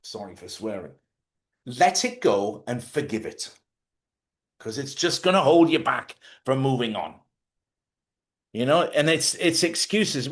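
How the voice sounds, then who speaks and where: A man's voice: mid-range voice, expressive, unhurried, long pauses. A man hosting a live advice talk, speaking bluntly and swearing freely as he urges people to forgive and let go. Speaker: host. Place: lives in Spain.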